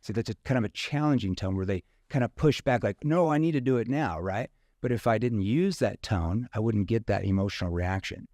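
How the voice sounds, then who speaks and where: A man's voice: fairly low pitch, a little fast, hardly any pauses, darkish tone, dry recording. A man from rural Missouri, a sales trainer talking casually in an interview and acting out questions in different tones.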